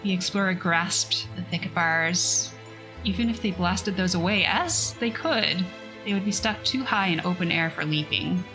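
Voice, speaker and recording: A woman's voice: lowish voice, unhurried, music in the background, low-quality recording. A woman reading a science fiction story aloud on a casual livestream, breaking off for chatty, self-mocking asides.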